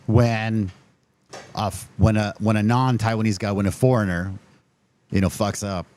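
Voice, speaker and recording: A man from Canada hosting a relaxed interview over drinks, telling stories in an animated way and slipping into voices for other people. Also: fairly low pitch, normal speed, a little hiss or hum. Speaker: podcast host and cantina owner. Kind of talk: casual chat over drinks.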